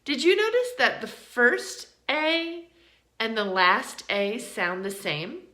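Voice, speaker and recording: An American woman gives an English pronunciation lesson in a lively, bouncing voice that rises and falls a lot. She talks slowly and deliberately, stretching out example words, and her voice has a bright edge. The room around her sounds echoey. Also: fairly high pitch. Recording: roomy echo.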